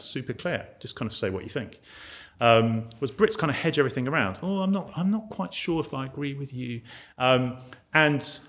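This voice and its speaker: A man's voice: mid-range voice, a bit bright. A British man giving a conversational teaching talk on ministry to a group in a meeting room. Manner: conversational, acts out quoted voices. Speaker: ministry trainer.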